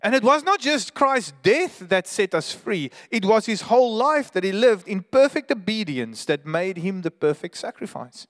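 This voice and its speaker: A man's voice: sits high, sing-song, moderate pace, hardly any pauses, big-room sound. A man preaching a sermon as pastor, earnest and emphatic, sometimes restarting his words.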